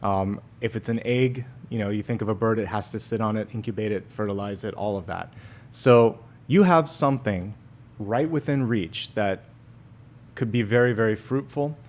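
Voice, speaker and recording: A man who works as a tarot reader and medium, giving an earnest, gently encouraging monthly forecast with pauses and fillers. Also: fairly low pitch.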